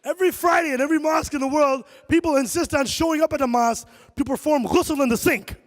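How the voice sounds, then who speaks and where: A middle-aged man doing a stand-up comedy set in a large concert hall, animated and shouting his punchlines. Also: extremely high pitch, fast.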